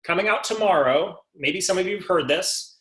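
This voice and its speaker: A man's voice: high voice, animated, moderate pace, fairly bright tone. A man leading a sales coaching call, asking rhetorical questions and checking in with his listeners. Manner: rhetorical, keeps asking "right?". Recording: echoey room.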